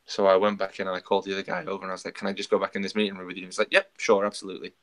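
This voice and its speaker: A man's voice: deep voice, completely flat delivery, very fast, fairly bright tone. A man co-hosting a podcast, telling a story in casual chat and acting out the quoted dialogue. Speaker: podcast co-host.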